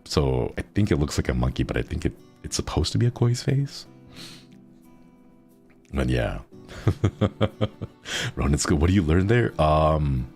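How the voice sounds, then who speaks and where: A man's voice: very deep voice, very animated, a little slow, long pauses, a little mellow, soft background music. A man streaming casual chat with viewers, playful and rambling, often laughing.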